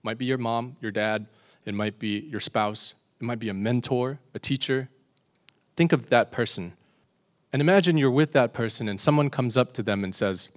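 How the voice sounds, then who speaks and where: A man preaching a sermon in a confessional way, asking the congregation rhetorical questions and slowing down and dropping his voice on solemn points. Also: medium pitch.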